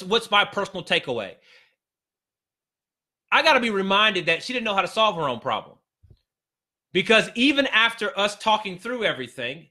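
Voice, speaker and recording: A man's voice: fairly high pitch, sharp tone. A man coaching business owners on a live stream, talking emphatically and repeating his key phrases with many restarts. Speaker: business consultant.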